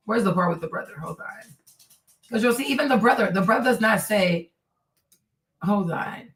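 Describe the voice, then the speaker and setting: Woman streamer talking back at clips, mocking, lively, echoey room, sits back from the mic. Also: medium pitch, moderate pace, faint music behind. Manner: animated, mocking, talks back at clips, drops in Spanish words. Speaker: streamer host. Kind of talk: live-stream commentary on video clips. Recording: roomy, distant from mic.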